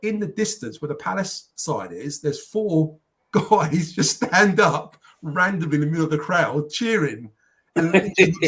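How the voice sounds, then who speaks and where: A man with a slightly higher voice tells stories in a relaxed podcast chat. He gets animated and acts out other people's lines as he goes. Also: breathy edge. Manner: animated anecdote-telling with mimicked quotes. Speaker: podcast panelist. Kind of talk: casual storytelling.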